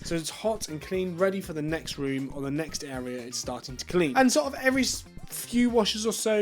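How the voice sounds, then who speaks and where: A chatty English man with a notably high-pitched voice runs through a casual product review. He talks informally, peppering his points with filler words, while soft music plays quietly underneath. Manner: chatty, sort-of fillers, informal British phrasing. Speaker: tech reviewer.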